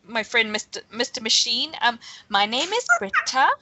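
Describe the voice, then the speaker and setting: Woman player, lively pitch, bright tone, stammering, tabletop game. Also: moderate pace, no room sound. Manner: stammering, playful in character. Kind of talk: tabletop role-play.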